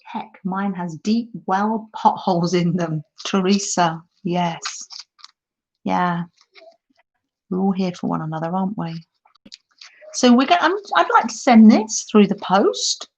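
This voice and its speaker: A woman's voice: medium pitch, lively intonation, unhurried, a little mellow. Middle-aged woman hosting a craft livestream, chatty, reads out comments, laughs a lot, dull laptop mic sound. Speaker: craft live stream host. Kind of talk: casual live stream chat. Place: holiday home, indoors at a craft table.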